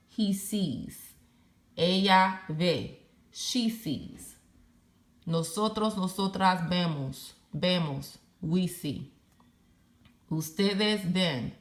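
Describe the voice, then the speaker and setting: Slow, patient woman teaching Spanish. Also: on the low side, reverberant. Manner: slow, patient, spells out endings letter by letter. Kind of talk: recorded language lesson.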